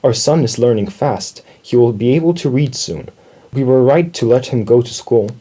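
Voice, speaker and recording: A calm father mouse from a children's storybook reassures his worried wife, as a man plays him. The voice is mellow and a touch husky. It sounds close to an everyday speaking voice. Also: mid-range voice, moderate pace, close to an everyday voice. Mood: reassuring.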